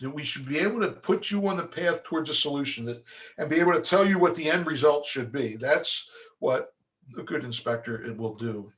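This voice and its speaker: Bright-voiced man coaching real estate agents. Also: on the high side. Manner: conversational, restarts often, acts out clients' voices. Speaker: home inspector.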